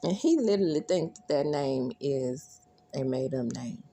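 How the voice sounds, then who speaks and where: A woman recapping a TV episode in a chatty, animated way, laughing often and squealing when she quotes lines. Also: rumbling low, normal speed, a little hiss or hum. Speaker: recap vlogger.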